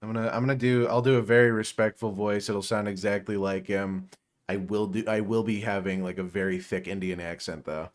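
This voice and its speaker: A man's voice: on the low side, flat delivery, brisk. Swearing, sarcastic man co-hosting a podcast. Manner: sarcastic, swears a lot, laughs often. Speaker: podcast co-host. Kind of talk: crude casual chat reacting to a video.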